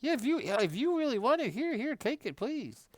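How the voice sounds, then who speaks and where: A man voicing a friendly, wealthy elderly woman in a high, airy tone while retelling an anecdote. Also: big pitch swings, fairly quick, no echo, full character voice. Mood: eager.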